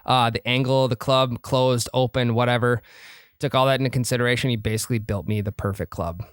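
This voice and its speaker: Man, podcast co-host, lively and profane storyteller, mid-pitched, dry close mic. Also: fairly quick, clean tone, no room sound. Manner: animated, swears freely, storytelling. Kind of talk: casual golf chat.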